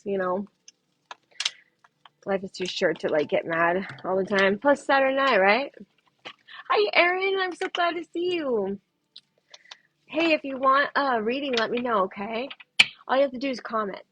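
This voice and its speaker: A woman's voice: medium pitch, fairly quick, noisy background. A woman who reads tarot, chatting casually and loosely on a livestream from home and laughing often. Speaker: tarot reader.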